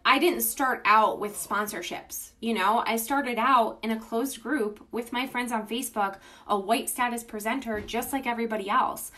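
A woman with a slightly high voice hosts a casual phone livestream, talking straight to her viewers. She sounds gushing and informal, full of enthusiasm as she greets people by name. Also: moderate pace, few pauses, bright, forceful tone. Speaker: beauty business livestream host.

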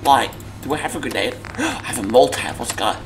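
Give me a loud, excitable man narrating gameplay. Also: mid-range voice, brisk, over music. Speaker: host. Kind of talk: gameplay commentary.

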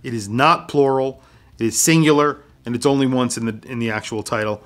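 A young man in a casual video review, poking dry fun at cheap watches. His voice sits in an ordinary middle pitch. He keeps the tone conversational and mildly sarcastic. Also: fairly quick. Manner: dry, mocking humor.

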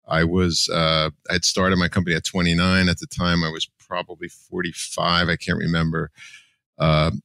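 A man's voice: low-pitched, flat delivery, moderate pace, vocal fry, bright, forceful tone, no room sound. A man in his sixties from New Jersey, a podcast guest telling his life story candidly and with emotion. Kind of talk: personal storytelling.

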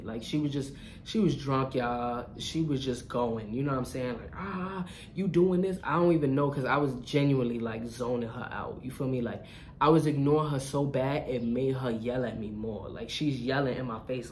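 A young adult vlogger telling a casual storytime in an animated, slangy way, often checking in with listeners. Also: medium pitch, a little hiss or hum.

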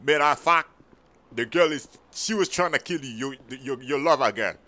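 A man's voice: medium pitch, normal speed, sharp tone, close to an everyday voice. A man doing a preachy gang recruiter. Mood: persuasive. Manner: calls everyone "my brother", earnest pleading.

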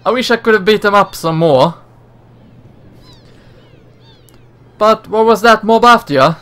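A man's voice: on the high side, measured pace, pushed and bright. A man voicing a brash young woman in a game, talking cocky and teasing with slangy words.

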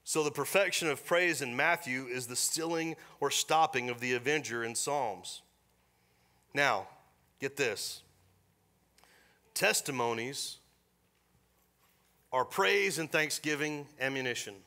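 Animated preacher, bright voice. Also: male voice, medium pitch, takes it slowly, long pauses. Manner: animated preaching with joking asides. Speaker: pastor. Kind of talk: sermon. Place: church service.

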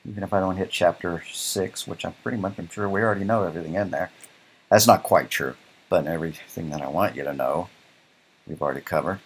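Low husky guy teaching code live, keeps saying right?, laid back. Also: quick pace. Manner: casual, thinks aloud, keeps asking "right?". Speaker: programming instructor. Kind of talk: live-coding lecture.

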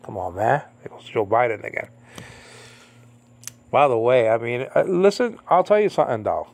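A man in his fifties, from Puerto Rico, giving an informal Bible teaching, rambling with lots of "I mean, you know" and jumping to a high emphatic pitch on key points. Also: lively intonation, normal speed, a little mellow. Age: 50s.

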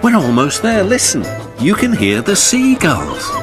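A man voicing a kindly male engine driver in a children's cartoon, speaking in a warm, fatherly way. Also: sits high, wildly swooping pitch, a little slow, voice pushed up, heavily acted. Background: background music.

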